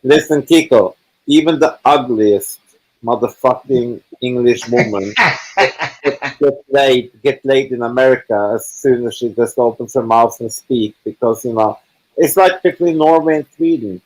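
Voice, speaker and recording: A man's voice: medium pitch, measured pace, darkish tone, poor audio. Blunt rambling man in casual chat. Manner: blunt, swearing, rambling with restarts. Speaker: live chat participant. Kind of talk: casual group video chat.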